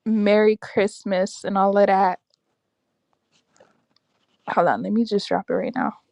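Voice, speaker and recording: A young woman hosting a casual livestream, reacting aloud to her chat with lively, exclamatory talk. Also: mid-range voice, measured pace, gravelly, no room sound. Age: young adult. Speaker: livestream host reading chat. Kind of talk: casual live-stream chat.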